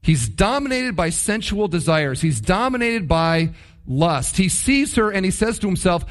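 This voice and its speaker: A man preaching in a voice pitched a little high for a man. He drives his points home with repetition and rhetorical questions, and he is earnest and emphatic. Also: lively intonation, moderate pace. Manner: emphatic, repeats key phrases, rhetorical questions. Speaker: pastor. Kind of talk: sermon.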